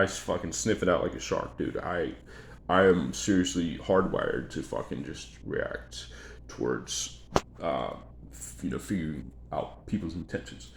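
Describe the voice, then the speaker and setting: Deep-voiced man in a profane ramble. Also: creaky. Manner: profane, repetitive, emphatic. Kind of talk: rambling monologue. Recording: echoey room, faint background noise.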